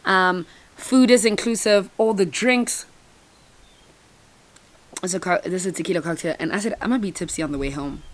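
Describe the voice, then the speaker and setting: A young woman from South Africa vlogging to camera in a casual, chatty, expressive way, swearing freely. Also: on the low side. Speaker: travel vlogger.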